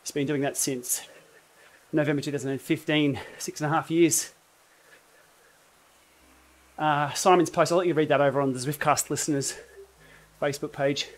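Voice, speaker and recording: A man's voice: a little high, fairly even intonation, moderate pace, pauses often, slight background noise. A man with an Australian accent chatting casually on a livestream while riding an indoor trainer, rambling with wry asides. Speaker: cycling YouTuber host.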